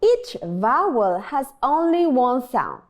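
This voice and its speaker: Woman teacher for a scripted beginner lesson; animated, clear, unhurried delivery. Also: sits high. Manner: slow, clear modeling of pronunciation, prompting repetition. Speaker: language teacher.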